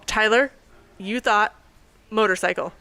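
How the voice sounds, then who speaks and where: A woman co-hosting a podcast, playful and teasing with her partner. Her voice is bright and clear at a middle pitch. She speaks into a table microphone set up inside a bookstore. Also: a little slow. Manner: playful, teasing, laughs a lot. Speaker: podcast co-host. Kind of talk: casual banter.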